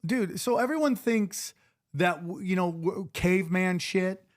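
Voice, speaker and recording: Animated joking man hosting a podcast. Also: high voice, unhurried. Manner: animated, jokey storyteller who mimics others. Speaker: podcast host. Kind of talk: casual chat.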